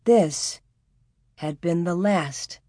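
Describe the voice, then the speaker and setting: Calm woman reading a storybook aloud. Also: lowish voice, dry recording, studio quality. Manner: calm, measured, expressive reading. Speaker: audiobook narrator. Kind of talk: storybook narration.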